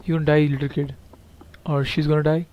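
A man's voice: a little high, little pitch movement, quick pace, darkish tone, lo-fi sound, slight background noise. Jittery man nervously narrating a horror game. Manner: jittery, repeats himself, talks to viewers. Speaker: gameplay commentator.

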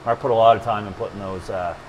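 In a server lab, a man casually demos a hands-on storage build, joking between steps and wandering into rambling asides. His voice is fairly low and steady with a quick pace, the highs are cut off, and a noisy crowd sits behind him.

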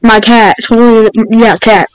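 A man's voice: sits high, steady tone, measured pace, a little hiss or hum, low-quality recording. A male podcast co-host chatting casually, joking around and rambling. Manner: goofy, joking, rambling with lots of "bro" and "like". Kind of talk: casual chat.

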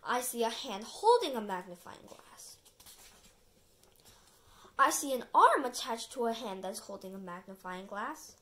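Woman doing a silly storybook prankster man, loud and bouncy, high voice, very lively pitch. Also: measured pace, pauses often. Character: excitable goofy prankster man, a storybook character. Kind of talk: storybook read-aloud.

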